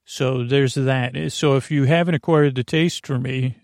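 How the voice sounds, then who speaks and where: A man hosting a sleep podcast, telling meandering, self-deprecating stories with many restarts and fillers in a creaky voice. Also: mid-range voice, fairly even intonation, measured pace, darkish tone, no echo, studio quality. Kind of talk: rambling bedtime monologue.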